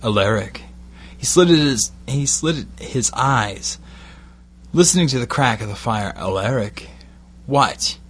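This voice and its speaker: A male storyteller narrating a bedtime story at an unhurried, drawn-out pace. His voice is husky and mid-pitched, deliberate on every phrase. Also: animated. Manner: slow, deliberate reading.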